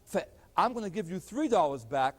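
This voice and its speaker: A man's voice: sing-song, fairly quick. A man voicing a businessman who makes him a persuasive offer of money back. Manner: persuasive sales pitch. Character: male businessman offering a deal. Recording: long hall reverb.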